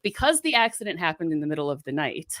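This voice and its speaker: A woman from Florida telling a family anecdote in a casual talk, animated and acting out the people in it. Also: low-pitched, quick pace, no echo. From South Florida, US. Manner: animated, acts out voices in her anecdote. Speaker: guest. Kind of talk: casual storytelling.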